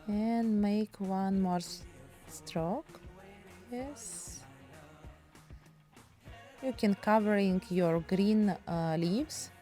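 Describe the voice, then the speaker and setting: Female art teacher, Russian accent, unhurried chatty delivery in broken English, soft music underneath. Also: medium pitch. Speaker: painting teacher. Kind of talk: casual painting tutorial.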